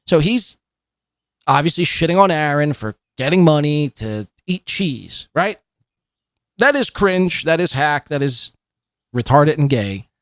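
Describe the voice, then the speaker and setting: A man's voice: on the high side, big pitch swings, unhurried, no echo, clean studio sound. A man in his thirties hosting a podcast, giving mocking, sarcastic commentary on clips. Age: 30s. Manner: sarcastic, derisive, repeats words for laughs. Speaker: podcast host.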